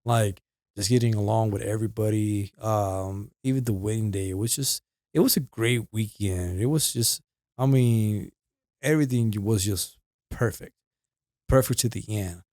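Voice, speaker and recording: Male podcast co-host, low pitch, dry sound, laid-back and agreeable. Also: moderate pace, a little mellow, no room sound. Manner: easygoing, agreeable with frequent yeahs. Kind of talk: casual chat.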